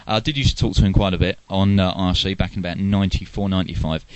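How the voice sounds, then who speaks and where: A man's voice: sits low, steady tone, fast, smooth, no room sound. A man hosting an internet radio show in casual chat, loose and joking, with plenty of filler words.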